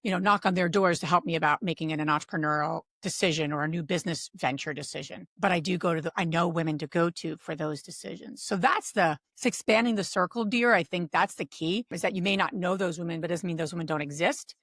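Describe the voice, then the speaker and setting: A middle-aged woman from Pennsylvania, a podcast guest who tells stories with animated quoted voices. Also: fairly low pitch, fast, few pauses, no echo, studio quality. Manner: animated storyteller, acts out quotes. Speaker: podcast guest, real estate investor. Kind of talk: casual interview talk.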